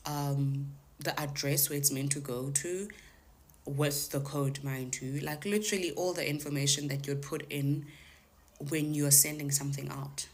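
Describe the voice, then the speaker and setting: A woman telling a casual storytime monologue to her followers, acting out the lines of the people in her story. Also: sits low. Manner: animated retelling, acting out the callers' lines in quoted voices. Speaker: TikTok storyteller.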